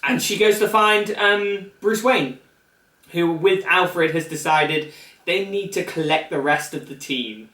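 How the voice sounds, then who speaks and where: A man chatting through a film review, laughing a lot and slipping into goofy voices for the characters. His voice sits a touch high. He sounds a bit back from the mic, in a roomy, echoey space. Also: a little slow, pushed and bright. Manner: laughs often, acts out movie characters in silly voices. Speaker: co-host of a film review chat. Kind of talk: casual film review chat. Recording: echoey room, mic at a distance.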